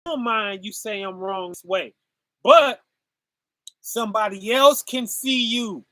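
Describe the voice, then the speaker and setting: Man, preacher, informal sermon, very high voice, unhurried delivery. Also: bright, forceful tone, no room sound, clean studio sound. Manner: call-and-response asides, laughs while preaching.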